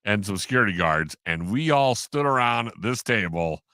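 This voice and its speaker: Lively animated man telling stories. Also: on the low side, normal speed, dry recording, studio quality. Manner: animated storyteller, acts out quotes, laughs often. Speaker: podcast guest, sports broadcaster. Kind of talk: casual storytelling in an interview.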